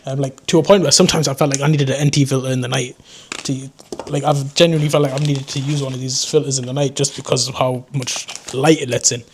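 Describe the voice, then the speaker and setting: A man's voice: mid-range voice, little pitch movement, fast talker, few pauses, slight background noise. Young geordie guy rambling to camera bout his drones, accent slips southern sometimes, normal mid voice, very off the cuff. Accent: Geordie mixed with southern English. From North East England. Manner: rambling, loose, self-mocking. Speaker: drone vlogger. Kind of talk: casual unscripted chat to camera.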